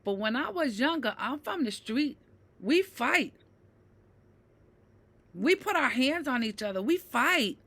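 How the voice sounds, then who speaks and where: Woman in her fifties, unhurried personal talk, bright tone, emphatic and often asking "right?". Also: big pitch swings. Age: 50s. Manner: swings from low and quiet to loud and heated. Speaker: mental health vlogger.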